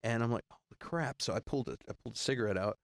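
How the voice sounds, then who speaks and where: A man in his forties telling rambling road stories in casual chat, acting out other people's lines in high voices. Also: rapid-fire, no echo, studio quality. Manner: rambling, animated, acts out quoted voices high.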